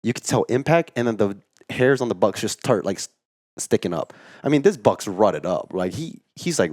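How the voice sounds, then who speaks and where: A man co-hosting a podcast, telling a story in casual chat, animated and full of "like", acting out what people said. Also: on the low side, moderate pace, dry recording, clean studio sound. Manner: animated storyteller, acts out quotes, says "like" a lot. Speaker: podcast co-host.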